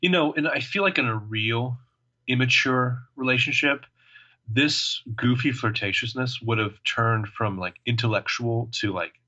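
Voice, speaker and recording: Bright-voiced, joking male podcast co-host. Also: medium pitch, a little slow, muffled recording. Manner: joking, rambling, lots of fillers. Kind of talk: casual chat.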